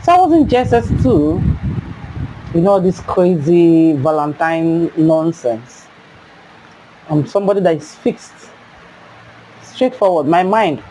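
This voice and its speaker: A young Nigerian woman telling a personal story in a casual, animated way, jumping up into high cries as she acts out her younger self. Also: slow pace, long pauses, slight background noise, low-quality recording.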